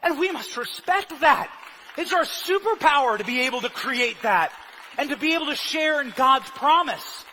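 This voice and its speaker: A young man giving a live speech in a large hall, shouting in punchy bursts and at times dropping into quiet, earnest talk. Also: extremely high pitch, animated, moderate pace, slight background noise. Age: young adult. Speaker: rally speaker.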